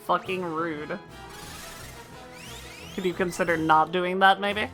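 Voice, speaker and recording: A young woman streaming a game with relaxed, wry commentary, reading the dialogue aloud as she plays. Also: fairly low pitch, slow, soft background music. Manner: relaxed, wry asides with swearing.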